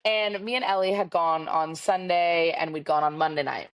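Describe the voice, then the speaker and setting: A woman's voice: fairly low pitch, moderate pace. Chatty woman in her twenties. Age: 20s. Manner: chatty, animated, acts out quoted dialogue. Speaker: podcast co-host. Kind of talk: casual storytelling chat. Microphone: video call.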